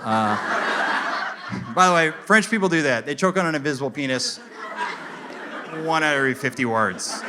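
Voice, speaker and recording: A man doing a stand-up comedy set, telling stories in an animated way and acting out people in mock French. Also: a little high, moderate pace. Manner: animated storytelling, acts out characters in mock French. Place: comedy venue with a live audience. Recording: live crowd laughter and room noise. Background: audience laughing.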